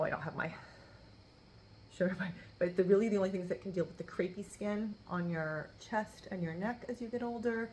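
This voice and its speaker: A woman's voice: fairly low pitch, a little hiss or hum, poor audio. A woman in her thirties chatting casually through a skincare review, laughing often and acting out bits of remembered dialogue. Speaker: beauty vlogger.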